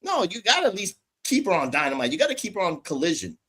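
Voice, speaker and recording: Animated guy co-hosting a wrestling show, refers to himself in third person, high lively voice. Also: fast talker, breathy edge. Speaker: podcast co-host. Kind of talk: casual wrestling chat.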